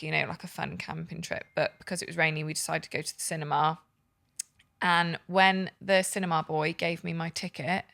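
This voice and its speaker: Young woman, low pitch, gravelly fry, chatty storyteller, podcast guest. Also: fairly bright tone, no echo, clean studio sound. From Hereford, England. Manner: chatty storyteller, fillers and laughs. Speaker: tattoo artist, podcast guest. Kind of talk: casual chat.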